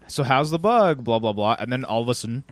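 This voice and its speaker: A man's voice: mid-range voice, expressive, fast talker, no room sound. A young man co-hosting a casual movie review, with dry, wry remarks. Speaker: podcast co-host.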